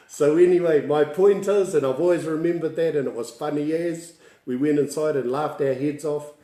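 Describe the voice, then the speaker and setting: A man's voice: a little high, steady tone, normal speed, hardly any pauses, warm tone, roomy sound. A man with a New Zealand accent, a Māori language tutor telling stories in a casual livestream lesson, chatty and laughing often.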